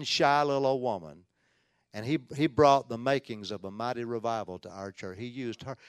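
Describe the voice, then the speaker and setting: A man preaching a sermon as a Baptist pastor, telling a story with earnest emphasis, often repeating and restarting words, dropping to hushed tones and rising to loud points. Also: medium pitch, clear, resonant tone, no room sound, studio quality.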